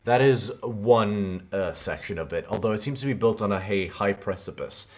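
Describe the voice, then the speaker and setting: Low-voiced man narrating as game master. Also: normal speed. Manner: descriptive, scene-setting narration.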